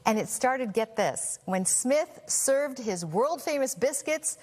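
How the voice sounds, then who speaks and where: A woman's voice: sits high, lively intonation, takes it slowly, a little mellow. A woman anchoring in a television news studio, introducing a segment with a polished, light delivery. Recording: reverberant studio sound.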